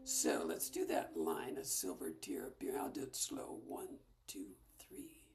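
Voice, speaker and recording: A woman leading a casual ukulele lesson, explaining chords in a soft, half-whispered way. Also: very deep voice, steady tone, moderate pace, gravelly, over loud music. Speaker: ukulele teacher. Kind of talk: casual music lesson with singing.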